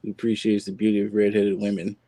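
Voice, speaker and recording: A man's voice: on the low side, completely flat delivery, fast, warm tone, no echo. A man in casual podcast chat, bantering in a wry, mock-formal way.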